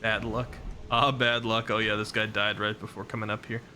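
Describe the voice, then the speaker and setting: A man's voice: lowish voice, little pitch movement, normal speed, pushed and bright, slight background noise. A man streaming a game live, chatting casually, reacting aloud to what happens and answering his chat. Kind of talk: live gameplay commentary.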